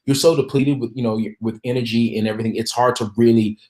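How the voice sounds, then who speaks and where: A man's voice: mid-range voice, steady tone, darkish tone. Guest, man, stop-start talker who restarts his sentences a lot. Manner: halting, many restarts and fillers. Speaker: podcast guest. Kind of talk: casual podcast conversation.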